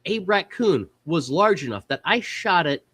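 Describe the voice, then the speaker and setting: A man hosting a podcast, telling a story in a casual, animated way and acting out the other people's lines. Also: a little high, normal speed, husky. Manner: animated, acts out quoted voices. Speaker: podcast host.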